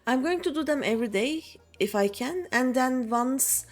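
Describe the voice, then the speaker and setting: A woman's voice: sits high, animated, moderate pace, faint music behind. A woman streaming a game, chatting casually and thinking aloud with many hesitant fillers. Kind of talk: casual gameplay chat.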